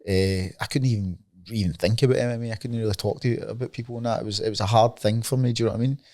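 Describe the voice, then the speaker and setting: A Scottish man in his late thirties rattles along at a rapid clip. His talk is casual and peppered with swearing and "you know what I mean". The sound is close and dry, with no room in it. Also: mid-range voice, fairly even intonation, darkish tone, dry recording. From Scotland. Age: 30s. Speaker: MMA fighter guest. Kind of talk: casual podcast chat.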